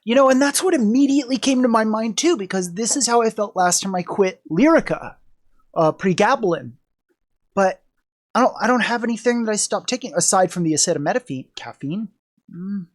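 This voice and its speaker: A sick, weak man talking in a casual vlog from indoors, out of breath, sighing and swearing as he rambles. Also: high-pitched. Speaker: streamer vlogging about being sick. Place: indoors at someone else's house.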